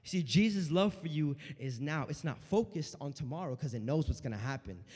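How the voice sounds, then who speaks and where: A man preaching a sermon in a church, animated, dropping to a hush and then rising loud. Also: high voice, big-room sound. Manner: animated preaching, swinging between hushed and loud.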